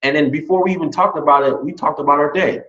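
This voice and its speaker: A man who was just hired as a teacher, telling a lively story in a casual interview and acting out what other people said. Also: on the high side, fast talker. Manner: animated, quotes others in lively re-enactments. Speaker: new teacher hire. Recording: dull lo-fi sound.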